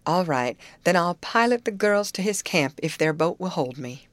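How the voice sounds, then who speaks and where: A calm, confident male overseer of an orange grove speaks in a storybook reading, voiced by a woman narrator. He talks in a matter-of-fact, reassuring way. His voice comes close and dry. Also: on the low side, normal speed, dry recording, natural voice.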